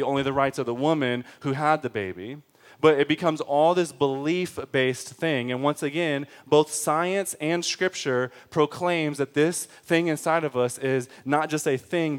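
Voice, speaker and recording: A man preaching a sermon with passion, calling the listeners friends, his delivery moving between forceful emphasis and quiet, slow, weighty stretches. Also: medium pitch. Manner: impassioned, swings from forceful to hushed and slow.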